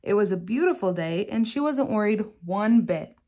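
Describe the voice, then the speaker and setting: A woman reading a children's picture book aloud in a gentle, measured storytelling manner. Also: mid-range voice, expressive.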